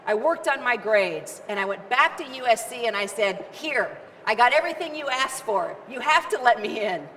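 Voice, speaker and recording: Woman, middle-aged, motivational speaker, slightly high voice, faint room noise. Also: normal speed, hardly any pauses. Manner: energetic, emphatic, repeats phrases for rhythm. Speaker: keynote speaker. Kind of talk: motivational storytelling speech. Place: large event hall. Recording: reverberant hall with faint ambience.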